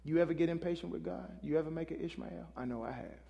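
A man's voice: fairly high pitch, quick pace, creaky, dull audio. Preacher man in a reverberant hall. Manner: conversational, calls out to the congregation. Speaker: pastor. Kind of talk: sermon.

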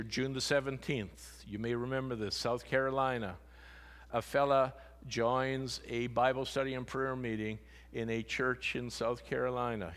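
A male pastor delivers a sermon in an earnest voice of middle pitch. His voice often falls to a hushed tone at solemn points. The sound carries a long reverb from a large church hall.

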